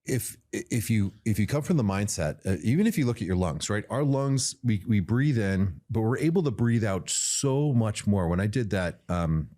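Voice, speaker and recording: A man who is a podcast guest, telling stories in a casual interview, animated and often repeating words as he builds his point. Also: fairly low pitch, normal speed, hardly any pauses. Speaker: podcast guest, tea company founder.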